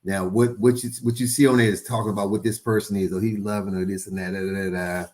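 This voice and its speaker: A man's voice: on the low side, fast. A man, a guest pastor, talking casually about marriage, often restarting words and acting out little quotes. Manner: animated, repeats words, acts out quotes.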